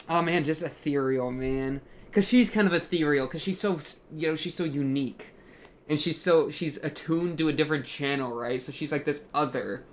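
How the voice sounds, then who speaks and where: A man's voice: a little high, fairly bright tone. A young man hosting an anime reaction, talking casually and rambling, full of fillers as he thinks aloud.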